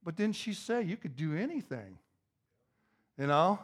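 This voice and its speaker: A pastor preaching a sermon, repeating key phrases and building to an emphatic, raised intensity. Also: male voice, on the high side, sing-song, measured pace, slightly rough.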